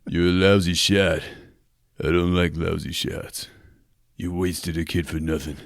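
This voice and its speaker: A man voicing a gruff, tough-guy male cop, delivering low, mumbled deadpan one-liners. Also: unhurried, no echo, clean studio sound.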